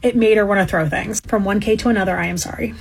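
A woman's voice: mid-range voice, fairly even intonation, fast talker, creaky, husky. A woman from Delaware County, Pennsylvania, talking chattily in a played clip.

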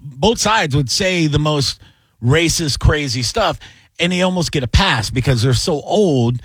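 A man chatting casually as a comedian and podcast co-host, telling stories with lively voices. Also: fairly high pitch, unhurried, slightly rough, no room sound, studio quality. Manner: animated storytelling with voices. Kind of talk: casual chat.

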